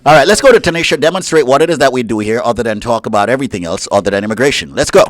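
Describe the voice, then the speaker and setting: A man co-hosts a radio call-in show with a teasing, joking manner. His voice swings widely in pitch as he clowns around. The sound is dry and close to the mic. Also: expressive, very fast, dry recording. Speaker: radio co-host. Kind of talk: casual radio banter.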